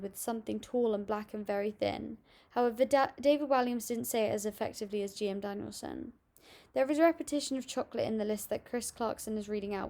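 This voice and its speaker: Young woman, gravelly low-toned voice, somewhat high pitch, reading a class presentation from notes. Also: darkish tone. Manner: reads steadily from notes with small restarts. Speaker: student presenting an assignment. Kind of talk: read-aloud school presentation.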